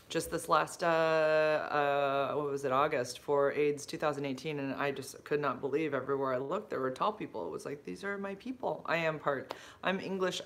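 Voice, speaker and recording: Woman, middle-aged, livestream host, casual chat, rambling, lots of fillers, bright tone. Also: sits low, slight background noise. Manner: rambling and chatty, many fillers and restarts. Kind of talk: casual live-stream chat, answering viewer comments.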